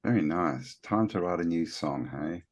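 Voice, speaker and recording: Low voiced guy, kinda rambly and thoughtful, lots of ums, chatting as co-host. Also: normal speed. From Australia. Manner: rambling, thoughtful, many fillers. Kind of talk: casual conversation.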